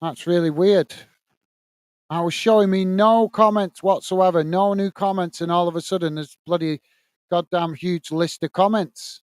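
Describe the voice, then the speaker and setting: A man's voice: high voice, steady tone, normal speed, smooth, no echo. A British man hosting a football watchalong stream, chatting casually, reading viewer comments aloud and muttering in exasperation about technology. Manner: rambling, exasperated muttering about tech trouble.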